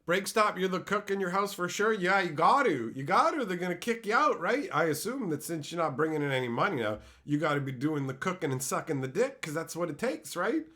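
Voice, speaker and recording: A man's voice: high-pitched, sing-song, brisk, hardly any pauses, sharp tone. A young man streaming and answering chat in a crude, profane, mocking way, ranting and laughing at his own jokes.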